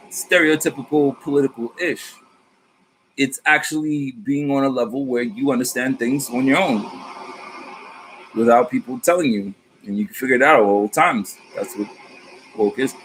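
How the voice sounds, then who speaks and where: Talking about spirit guides on his vlog, a man doing tarot readings keeps it casual, rambling and animated, with slang and curse words. The audio is poor with some hiss or hum, and his medium-pitched voice goes at a normal speed.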